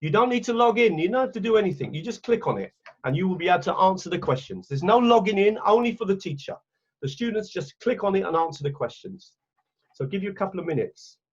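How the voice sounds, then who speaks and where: A man's voice: sits high, lively intonation, fast talker, darkish tone, slightly rough, highs cut off. English man leading an online teacher training. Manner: chatty, self-correcting, talks while clicking around. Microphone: computer mic on a video call.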